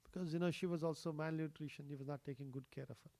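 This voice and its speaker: A man's voice: fairly high pitch, steady tone, rapid-fire, darkish tone. Conversational man telling a sermon story. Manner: conversational, many "you know" fillers, chuckles, quizzes the audience. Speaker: speaker at a temple.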